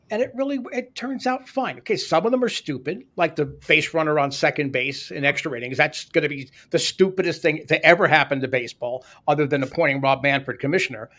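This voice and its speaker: A man's voice: on the high side, fairly bright tone. A Canadian man co-hosting a sports podcast, ranting in a sarcastic, opinionated way. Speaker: podcast co-host. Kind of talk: casual sports podcast chat.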